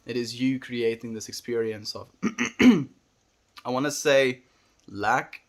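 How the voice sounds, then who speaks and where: Soft-spoken, earnest young man streaming. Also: medium pitch, animated, slow pace, gravelly. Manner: gentle, earnest and encouraging, softening to near-murmurs at the ends of phrases. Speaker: livestream host. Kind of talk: casual livestream chat, reading viewer comments.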